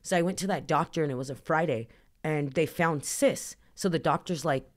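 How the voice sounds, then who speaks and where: Her voice sits low and moves at a moderate pace as this thirtysomething podcast guest tells her story candidly. She's chatty, uses "like" heavily, and acts out the dialogue.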